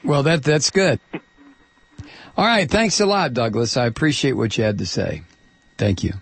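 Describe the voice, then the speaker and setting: Husky-voiced male talk radio host. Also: mid-range voice. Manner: halting with many fillers in chat, steady and pointed when reading. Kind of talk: call-in talk radio, reading an essay aloud.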